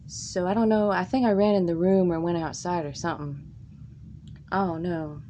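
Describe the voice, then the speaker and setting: A woman from Tennessee telling crude, funny stories from her life in a casual, drawn-out way. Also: warm tone, lo-fi sound, slight background noise. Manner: slow, drawn-out delivery with crude jokes and squeaky put-on quotes. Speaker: comic storyteller. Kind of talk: casual comic storytelling.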